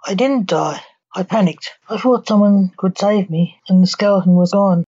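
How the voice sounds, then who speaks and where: A woman's voice: medium pitch, normal speed, mellow, slightly rough, no room sound. Woman host reading her own spooky stories. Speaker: podcast host, poet and author. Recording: dull lo-fi dry recording.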